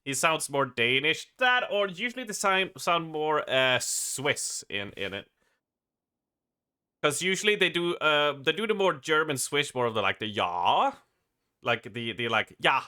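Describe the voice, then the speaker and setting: A man's voice: on the high side, big pitch swings, a little slow, pushed and bright, clean tone. A man from Sweden with a Swedish accent, chatting casually on a live gaming stream, laughing often, swearing and restarting his sentences.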